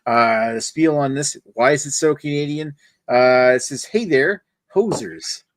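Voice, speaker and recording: A man's voice: mid-range voice, fairly even intonation, normal speed, no room sound. A man chatting casually on a beer podcast, talking through a can and its label. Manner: chatty, reads can copy aloud with a hammed-up Canadian twang. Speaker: podcast panelist reviewing beer. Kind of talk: casual chat.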